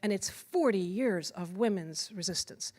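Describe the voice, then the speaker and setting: A middle-aged woman from Iran giving an earnest, personal storytelling talk at a symposium, often pausing and restarting her sentences. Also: mid-range voice, animated, a little mellow. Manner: earnest, halting with restarts and fillers. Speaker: symposium speaker.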